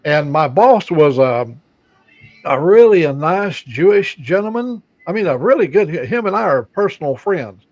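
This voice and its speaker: This older man's voice is on the high side, a little mellow, and animated, though his pace is a little slow. As a co-host in a casual chat, he tells stories full of fillers and restarts. The dull, lo-fi recording has no echo.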